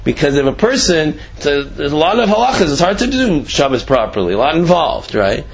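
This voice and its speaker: Conversational male Torah teacher with a husky voice who acts out the story's characters. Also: fairly high pitch, big pitch swings, a little fast, muffled recording. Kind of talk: Torah class with a told story.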